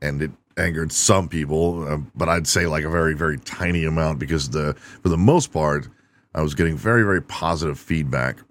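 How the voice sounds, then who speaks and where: Male podcast host, low register, irreverent and crude, chuckles through his own bits. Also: fairly quick. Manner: irreverent, profane, laughing at own jokes. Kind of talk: casual comedic monologue.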